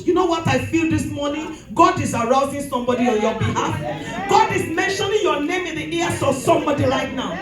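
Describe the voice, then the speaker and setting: A woman pastor, preaching a fervent sermon and often shouting. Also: high-pitched. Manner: shouting, preaching with rising fervor. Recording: echoey hall with music.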